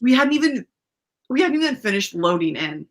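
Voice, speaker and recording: A woman's voice: on the high side, big pitch swings, fairly quick. A young woman telling a rambling story in casual chat, full of fillers and laughter, as a podcast host.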